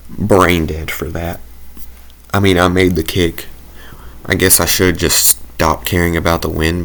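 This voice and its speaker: Deep-voiced man rambling over gameplay. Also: fairly bright tone. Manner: rambling, self-deprecating, thinking aloud. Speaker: gaming commentator. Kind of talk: casual gameplay commentary.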